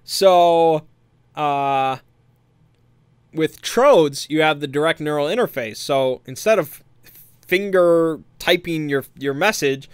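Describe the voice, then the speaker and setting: A man's voice: fairly high pitch, slow, smooth, dry recording. A man casually recapping a tabletop game session in a meandering, hesitant, amused way.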